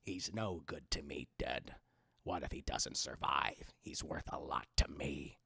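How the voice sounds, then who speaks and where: A man doing an impression of a gruff male bounty hunter in a low, growly voice. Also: measured pace, sharp tone, dry recording, studio quality, exaggerated voice. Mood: menacing. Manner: low growly menacing delivery.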